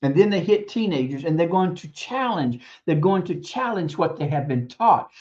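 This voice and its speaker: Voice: mid-range voice, a little mellow, muffled recording. Emphatic, preachy parenting talk on stream. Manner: emphatic, repeats words, preachy, chuckles between points. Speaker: stream host; teacher. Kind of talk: casual advice monologue on parenting.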